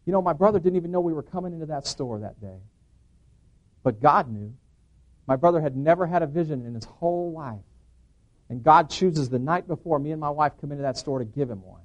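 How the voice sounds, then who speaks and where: A middle-aged man with a slightly high voice tells his personal testimony to an audience. He talks like an earnest storyteller and acts out the voices of the people in his story. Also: lively intonation, a little fast, highs cut off. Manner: earnest storyteller who acts out the dialogue he quotes. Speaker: preacher giving a personal testimony.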